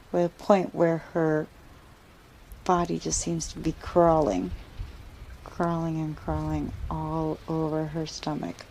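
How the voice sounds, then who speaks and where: A woman's voice: low voice, little pitch movement, measured pace, mellow, slight background noise, low-quality recording. A woman casually telling a scary story aloud, with a loose, filler-heavy way of talking.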